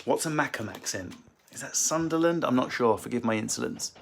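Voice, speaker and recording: A man's voice: medium pitch, expressive, vocal fry, a little hiss or hum. Profane joking man at home. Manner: profane, joking, quick asides. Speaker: comedian. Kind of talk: casual livestream Q&A. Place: book-lined room at home.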